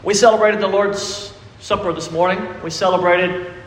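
Emphatic high-voiced preacher. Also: male voice, steady tone, moderate pace, a little hiss or hum. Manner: preachy and emphatic, asks the congregation questions. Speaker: pastor. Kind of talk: sermon. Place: church sanctuary. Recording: echoey reverberant church hall.

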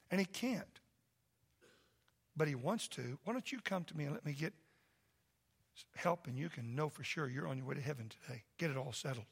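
A man who is a pastor preaching a sermon in a church, impassioned and loud at first, then soft and pleading. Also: a little high, expressive, a little fast, gravelly, long pauses, breathy edge. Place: church sanctuary.

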